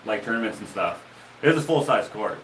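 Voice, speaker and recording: A man's voice: lowish voice, animated, fairly quick, fairly bright tone. A man casually telling stories on a livestream, rambling and restarting his sentences. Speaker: livestream host. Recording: roomy, distant mic with faint noise.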